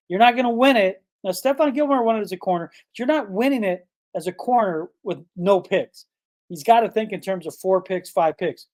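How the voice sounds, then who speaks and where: Fired-up man hosting a sports podcast. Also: high-pitched. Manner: emphatic, fired-up, full of rhetorical questions. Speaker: podcast host. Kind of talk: casual sports commentary.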